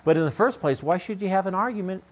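Older man preaching, chatty and joking, fairly high voice, dull lo-fi recording. pastor type. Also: fast. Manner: conversational, joking, asks the listeners questions. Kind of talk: sermon.

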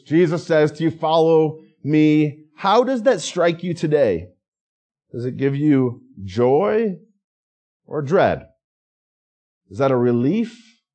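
A man's voice: medium pitch, dark tone. A middle-aged man, a pastor, preaching a sermon in a conversational way and asking his listeners questions.

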